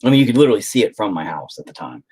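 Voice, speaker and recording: Animated man telling a story. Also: lowish voice, very fast, slightly rough. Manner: swears freely, rambling and animated. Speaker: stream host chatting with viewers. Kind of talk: casual storytelling.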